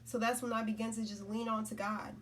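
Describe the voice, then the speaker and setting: Her voice on the high side with a level tone, a spiritual content creator talks a little fast in a casual, wandering way. She repeats herself and keeps asking "right?" and "you know?". The distant mic picks up a little hiss or hum.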